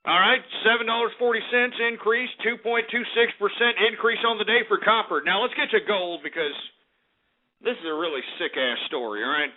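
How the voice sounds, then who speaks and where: A man's voice: sits high, brisk. Angry, swearing male radio host. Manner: profane, angry outbursts, swearing often. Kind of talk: ranting market commentary on talk radio. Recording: tinny phone-like radio audio.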